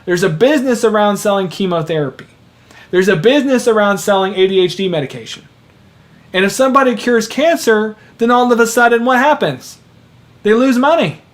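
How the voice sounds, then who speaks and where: A man's voice: high-pitched, brisk. A man delivering an informal, earnest sermon, exhorting listeners and repeating phrases for emphasis. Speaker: preacher.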